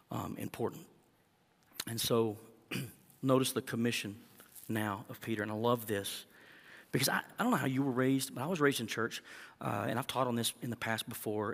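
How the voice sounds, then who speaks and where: Man, pastor, earnest sermon, emphatic build-ups, church hall reverb. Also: mid-range voice. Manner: earnest preaching, rising to emphatic peaks.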